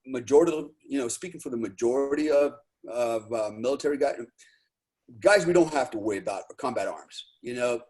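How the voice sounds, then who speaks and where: A man's voice: medium pitch, a little fast, a little mellow. Rambling man in casual talk. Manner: rambling, heavy use of "you know", profane. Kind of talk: casual chat.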